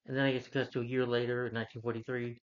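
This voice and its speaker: A man's voice: medium pitch, little pitch movement, rapid-fire, lo-fi sound. A man giving a casual, rambling plot recap as a movie reviewer, earnest when praising the hero. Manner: rambling, loose retelling with restarts; earnest, heartfelt asides.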